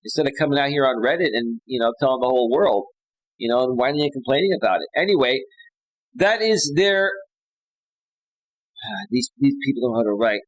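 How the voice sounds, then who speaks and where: A man's voice: mid-range voice, animated, fast, no echo, rough recording. A man hosting a livestream as a life coach, reading out posts and giving blunt, opinionated advice with many fillers and tag questions.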